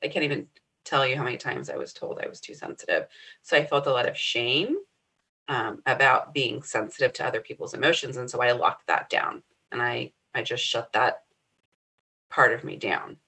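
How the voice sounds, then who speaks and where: Low, bright-toned woman in her forties. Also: moderate pace, breathy edge. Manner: earnest, often checks in with "right?". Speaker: podcast co-host. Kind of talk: casual reflective conversation.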